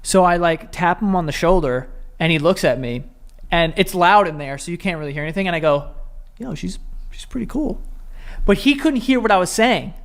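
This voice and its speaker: Young male podcast co-host, animated teasing storyteller with a lively voice that swings up and down. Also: sits high, brisk, smooth. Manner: animated, laughing through his own stories, teasing. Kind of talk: casual comedic storytelling.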